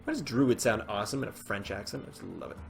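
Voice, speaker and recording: A man casually commenting while he plays a card game, chatty and rambling, with sudden excited outbursts. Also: fairly low pitch, fast talker, gravelly, faint music behind. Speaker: gaming channel host. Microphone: desk microphone with webcam.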